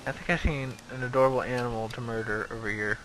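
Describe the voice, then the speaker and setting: A young man playing a video game and commenting in a sarcastic, excitable, self-mocking way. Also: medium pitch, fast talker, a little hiss or hum, low-quality recording. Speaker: gaming video host. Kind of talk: let's play commentary.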